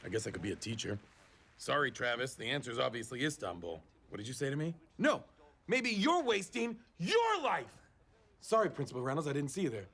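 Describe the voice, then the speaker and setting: Jittery intense ex-cop, husky voice, sitcom, wild swings in pitch. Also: male voice, huge pitch swings, a little fast, a bit bright, heavily acted. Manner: lurches between grim mutter and outbursts. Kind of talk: TV sitcom acting.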